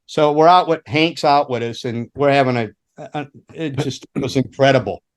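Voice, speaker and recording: A man's voice: medium pitch, moderate pace. An older man, a former roadie, telling rambling, profane road stories in casual chat, laughing and acting out quotes. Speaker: guest, former rock roadie.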